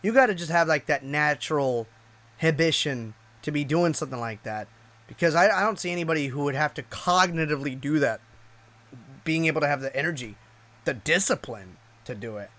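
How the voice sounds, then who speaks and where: A man's voice: on the high side, animated, a little fast, fairly bright tone. A man casually telling a personal story, rambling and profane, with lots of restarts. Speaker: YouTube streamer.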